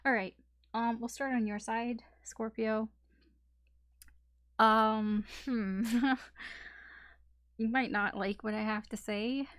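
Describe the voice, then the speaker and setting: A woman's voice: on the high side, takes it slowly, long pauses, fairly bright tone, dry recording. A woman giving a casual tarot reading, talking in a loose, rambling way with lots of fillers and restarts. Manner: chatty, rambling, many ums and likes. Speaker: tarot reader.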